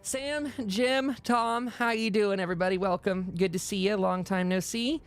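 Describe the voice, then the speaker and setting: A man voicing a friendly female settlement leader in a tabletop game, chatty and welcoming, lifted higher than his own voice. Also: normal speed, clear, resonant tone.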